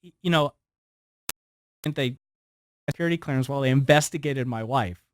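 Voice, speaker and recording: A man's voice: mid-range voice, fairly quick. A man in his forties, a guest on a radio show, telling a story with animation and acting out what people said. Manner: animated storyteller who acts out quotes. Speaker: guest, former FBI surveillance specialist. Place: radio studio.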